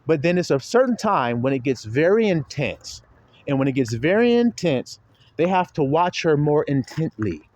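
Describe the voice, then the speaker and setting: A male preacher giving a loose, slangy sermon to his flock. His voice sits a little high and swoops widely from low murmurs to sharp peaks. He laughs easily between points. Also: big pitch swings, normal speed, dry recording, muffled recording. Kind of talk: informal sermon to followers.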